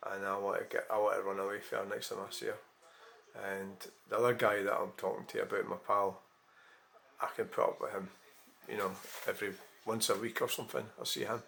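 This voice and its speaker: A man's voice: lowish voice, level tone, a little fast, gravelly, a bit bright, slight background noise. Rambling man, blunt and sweary. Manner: rambling, frank, frequent swearing and self-corrections. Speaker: vlogger. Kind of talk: casual monologue.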